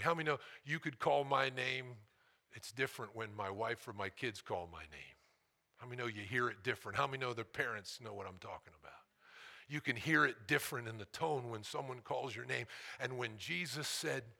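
A middle-aged male preacher giving a sermon, swinging from loud calls to hushed whispers and asking the congregation questions. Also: medium pitch, normal speed, vocal fry. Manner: asks the congregation "how many know".

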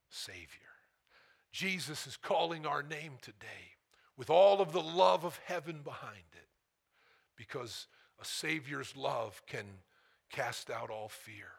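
A middle-aged male preacher giving a sermon, swinging from loud calls to hushed whispers and asking the congregation questions. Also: medium pitch, creaky, husky. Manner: asks the congregation "how many know".

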